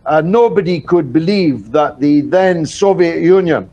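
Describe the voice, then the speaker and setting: A man's voice: fairly high pitch, expressive, dark tone, lo-fi sound. Wry older man, many "uh"s. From Britain. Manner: rhetorical, wry, fills pauses with "uh". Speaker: political commentator guest. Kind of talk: live news interview.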